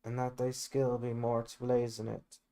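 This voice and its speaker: A man's voice: medium pitch, monotone, normal speed, mellow, natural voice. Romeo, read by a man in his own voice. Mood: adoring. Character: ardent young man in love. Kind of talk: amateur Shakespeare reading.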